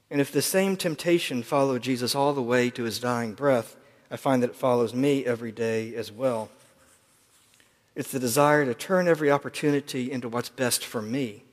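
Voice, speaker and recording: A male preacher giving a reflective, earnest sermon at a mid-range pitch. He often drops into quieter asides. His voice carries a long reverb, as in a church sanctuary.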